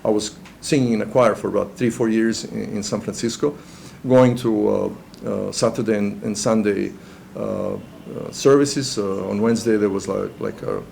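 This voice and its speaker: A middle-aged man from Serbia, giving a personal testimony in an interview. He talks in a halting, earnest way with many restarts. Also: lowish voice, fairly even intonation, creaky, darkish tone, slight background noise.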